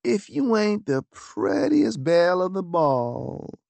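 Guy doing a slow teasing southern belle drawl, way up high, dry close sound. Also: big pitch swings, vocal fry, a little mellow, no room sound, full character voice. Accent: exaggerated American Southern. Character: flamboyant young man doing a mock southern belle.

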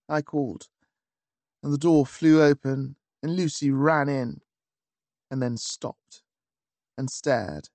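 A man narrating a first-person story in a wry, measured, theatrical manner. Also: mid-range voice, darkish tone, dry recording. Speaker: audiobook narrator. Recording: dry close studio.

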